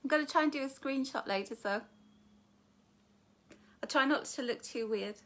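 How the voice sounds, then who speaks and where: A high-pitched middle-aged woman with a Northern English accent, talking casually from her living room into a phone or webcam. She greets viewers warmly by name and keeps things light with giggly, self-deprecating asides. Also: normal speed. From England. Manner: chatty, affectionate, greets viewers by name with "darling" and "love". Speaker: author hosting a live book launch. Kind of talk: casual livestream chat to viewers. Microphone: phone or webcam facing her.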